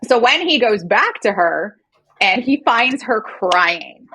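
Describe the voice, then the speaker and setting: A woman's voice: a little high, lively intonation, takes it slowly, bright, forceful tone, a little hiss or hum. A woman co-hosting a podcast, chatting casually and animatedly as she retells a romance novel's plot. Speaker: podcast co-host.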